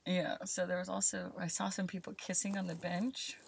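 A woman co-hosting a casual chat, telling long rambling stories that get animated as she goes. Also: fairly low pitch, moderate pace, creaky, slight background noise.

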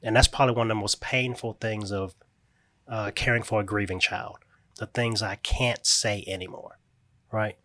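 A man's voice: on the low side, fairly even intonation, normal speed, pushed and bright. A man who is raising his grieving grandchild speaks earnestly and reflectively in an interview. He often checks in with a "right?" as he talks. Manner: reflective, emphatic, frequent "right?" check-ins.

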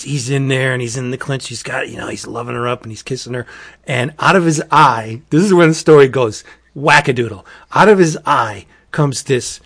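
Here a man with a medium-pitched voice and a breathy edge hosts a podcast in a casual, chatty way. He walks through a wacky horror comic with animation, acting out quotes from it and dropping the word "wackadoodle."

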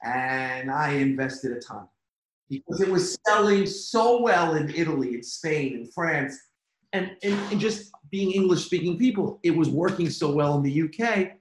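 A man with a fairly high voice tells business stories in an interview. He is animated, repeats words and laughs easily. His voice rings in an echoey room. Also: moderate pace. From United States. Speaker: toy company executive. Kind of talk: conversational interview.

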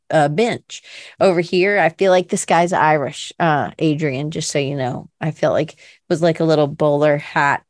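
A woman's voice: low-pitched, no room sound, studio quality. A middle-aged woman from Canada hosting a casual online art class, chatty and rambling, full of fillers and restarts. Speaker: art workshop host.

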